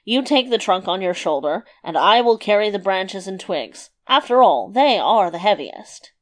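A woman voicing a boastful, cheerful little male tailor in a storybook reading, loud and emphatic. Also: mid-range voice, big pitch swings, normal speed, close to an everyday voice. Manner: bright, cocky, emphatic boasting.

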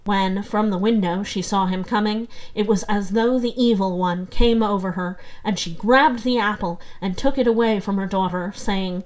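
A woman narrates a fairy tale in a calm, measured storybook voice. Her reading is steady and unhurried. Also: mid-range voice, low-quality recording.

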